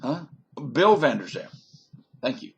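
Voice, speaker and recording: A man from British Columbia talks into a webcam, drifting from one aside to the next in a folksy, mock-learned way. His voice is slightly husky and his delivery unhurried, with plenty of loose asides. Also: mid-range voice, sing-song, dull audio. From British Columbia, Canada. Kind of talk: rambling comic monologue.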